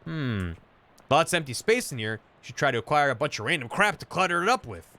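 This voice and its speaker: Guy streamer reading game text out loud, bouncy lively pitch, kinda bright tone. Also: a little fast. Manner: casual asides between narration. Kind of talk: reading game text aloud while playing.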